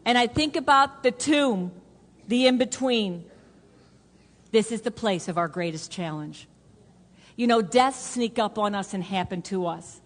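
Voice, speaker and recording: Woman pastor, sermon delivery, earnest repeating cadence with hushed drops, lingering hall echo. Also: medium pitch, animated, measured pace. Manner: earnest, repetitive preaching cadence that drops to a hush for emphasis. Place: church sanctuary. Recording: long hall reverb.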